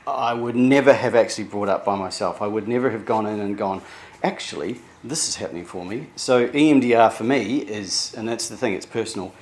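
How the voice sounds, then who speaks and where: A middle-aged man from New Zealand talking candidly in a personal vlog, halting and emotional, with many restarts. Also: medium pitch. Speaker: vlogger sharing therapy progress.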